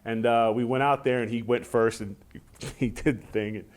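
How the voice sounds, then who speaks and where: A middle-aged former wrestler in a casual shoot interview, telling animated stories and acting out what others said. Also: male voice, moderate pace. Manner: animated storytelling, acts out quotes in high voices.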